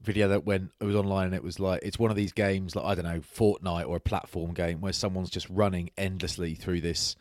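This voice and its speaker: A man chatting casually and telling stories quickly, slipping into animated quoted voices. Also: sits low, no room sound, studio quality. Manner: rapid, animated storytelling with put-on quotes. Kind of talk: casual banter.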